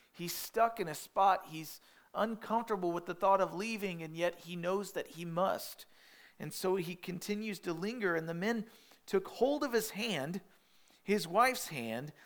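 A man's voice: fairly high pitch, fairly bright tone. A man preaching a sermon in a conversational way, acting out quotes and often restarting his words, with asides about parenting toddlers. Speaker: pastor.

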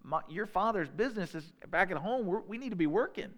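A man's voice: sits high, expressive. A man preaching, putting on the voice of an exasperated working father who scolds his son to come home. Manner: rapid, scolding, rising into shouting.

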